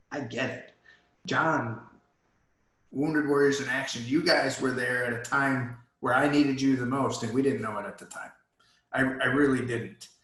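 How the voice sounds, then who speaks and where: A man's voice: medium pitch, a bit bright, roomy sound, poor audio. A man guest in a virtual Q&A, telling a personal story in an earnest, emotional way. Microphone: video call.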